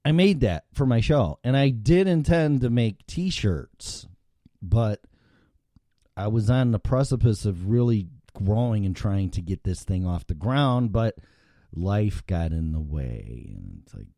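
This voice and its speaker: Man in his fifties, host, profane rambling monologue, low lively voice. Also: a little slow, no echo, clean studio sound. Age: 50s. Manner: rambling and profane, thinks out loud. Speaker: show host. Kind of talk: casual livestream monologue.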